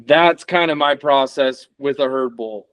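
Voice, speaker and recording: A man's voice: mid-range voice, a little slow, fairly bright tone, no echo. A man in his thirties, a podcast guest talking casually and rambling as he searches for words. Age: 30s. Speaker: podcast guest, elk hunter.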